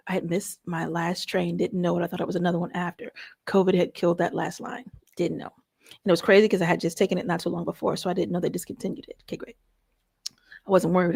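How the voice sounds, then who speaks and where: Chicago woman, middle-aged, telling a story on her show, goes loud then whispery, dead dry room. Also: fairly low pitch, gravelly, dry recording. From Chicago area. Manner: animated, conversational, swings between loud exclamations and hushed asides. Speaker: host. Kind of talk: personal storytelling.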